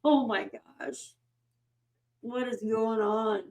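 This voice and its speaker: Slow-talking, giggly woman streamer. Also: on the high side. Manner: laughs often, giggly and excitable. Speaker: livestream host. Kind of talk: casual livestream chat reading comments.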